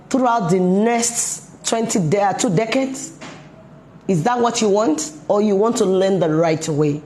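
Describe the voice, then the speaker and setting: A woman's voice: mid-range voice, a little mellow, slight background noise. Emphatic woman giving a parenting talk. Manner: emphatic, asks many rhetorical questions. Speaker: parenting coach.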